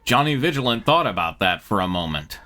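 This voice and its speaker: A man narrates fan fiction aloud on a live comedy stream. His voice is bright and forceful, and his pitch rises and falls in a lively way. He keeps breaking into chuckles as he reads. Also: fairly quick. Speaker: host and narrator.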